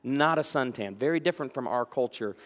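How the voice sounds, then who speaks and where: A man preaching a sermon as a pastor, telling stories with lively energy and acting out the voices of people he quotes. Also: medium pitch, a little fast, in a large hall.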